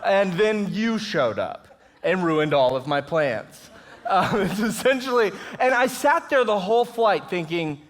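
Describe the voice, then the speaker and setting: A man with a high, light voice speaks as a guest at a church service. He tells his stories in an upbeat, animated way and laughs often as he goes. He sounds like he is in his thirties. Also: a little slow. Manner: lively storytelling with chuckles. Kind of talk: inspirational talk at a church service. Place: church auditorium, live audience.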